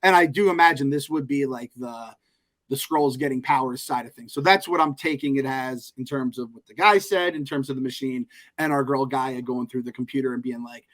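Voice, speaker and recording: A man co-hosting a podcast in casual chat, animated, profane and joking. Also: mid-range voice, fairly quick. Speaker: podcast co-host.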